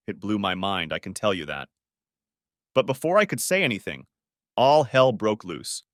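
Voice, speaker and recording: Expressive male story narrator. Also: fairly low pitch, moderate pace, dry recording, clean studio sound. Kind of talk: first-person dramatic story reading.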